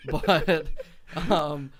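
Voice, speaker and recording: A man co-hosting a casual chat about new game releases, chatty and quick to laugh. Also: on the high side, a little hiss or hum. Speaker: co-host.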